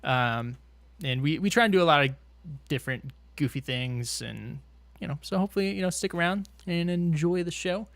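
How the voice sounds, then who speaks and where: A man hosting a gaming podcast, talking in an upbeat, quick way and laughing often. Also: on the high side, vocal fry, a bit bright, no room sound. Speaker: podcast host. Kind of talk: casual podcast chat.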